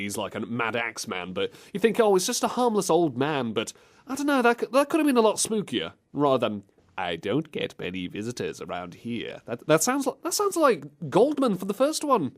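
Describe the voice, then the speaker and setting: A man hosting a comedic chat, joking and laughing often as he reacts to clips. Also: mid-range voice. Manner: jokey, laughs often, slips into silly voices. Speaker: show host.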